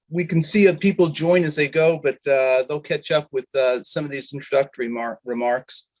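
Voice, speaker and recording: A man co-hosting an online webinar, giving welcomes and housekeeping notes in a hesitant way with many filler pauses, over a video call. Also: a little high, fairly even intonation, a little mellow. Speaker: webinar co-host. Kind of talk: casual online meeting chat and housekeeping announcements.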